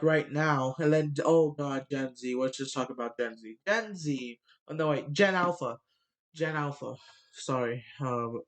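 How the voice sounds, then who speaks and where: A man ranting bluntly into the camera, swearing often and filling pauses with fillers, his nose stuffy from a cold. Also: a little high. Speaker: vlogger. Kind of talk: ranting monologue.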